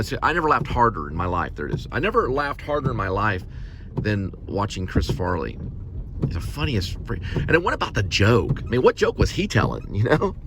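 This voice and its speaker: A man rambling jokingly while driving, tossing out deadpan asides and correcting himself. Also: medium pitch, background noise. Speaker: vlog host.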